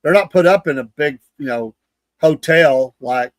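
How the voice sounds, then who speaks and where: Male co-host, indignant and chuckling, slightly high voice, dry close recording. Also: a little slow, dry recording. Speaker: show co-host. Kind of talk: casual political chat.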